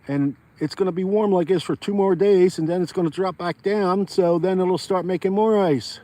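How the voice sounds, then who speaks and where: A man's voice: sits high, moderate pace, mellow. A man, chatting rambly to viewers while ice fishing outdoors on a frozen pond. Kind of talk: casual outdoor vlog chat.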